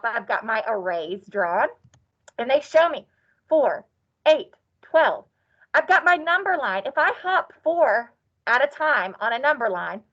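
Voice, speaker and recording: A high-voiced woman leads an online class, chanting and cheering in a playful, sing-song manner. The recording sounds dull and lo-fi. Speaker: teacher. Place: classroom or office.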